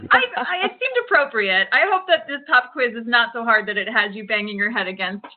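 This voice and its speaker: A woman's voice: fairly high pitch, expressive, fairly quick. A woman hosting a casual video call chat, bubbly and laughing often, talking into a home microphone. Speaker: host. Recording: tinny phone-like audio.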